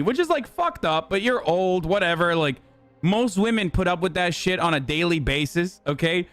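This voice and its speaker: A man reacting to news clips as a streamer, delivering rapid, profane, exasperated live commentary. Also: high-pitched, lively intonation, fairly bright tone, soft background music.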